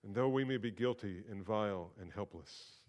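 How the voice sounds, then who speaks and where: A man preaching a sermon, repeating phrases for emphasis and swinging between loud, emphatic peaks and quiet, low asides. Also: moderate pace. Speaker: pastor.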